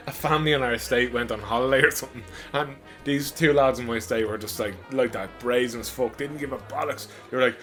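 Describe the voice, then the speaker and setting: A man's voice: medium pitch, fairly quick, fairly bright tone, soft background music. A man co-hosting a podcast in casual chat, laughing often and chiming in with jokey quips. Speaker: podcast co-host.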